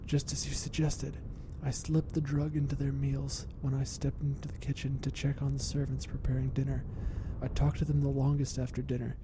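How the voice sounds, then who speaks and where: A man voicing a scheming, murderous young duchess in a hushed, conspiratorial way that sometimes turns to a hiss. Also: completely flat delivery, moderate pace, hardly any pauses, natural voice. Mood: whispering. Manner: hushed, conspiratorial, hissing at times. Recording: rumbling background noise.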